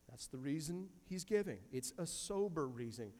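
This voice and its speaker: A man's voice: fairly high pitch, sing-song, normal speed, hardly any pauses, a little mellow, big-room sound. A man preaching a sermon as pastor, emphatic, repeating key phrases and quoting scripture from a church sanctuary.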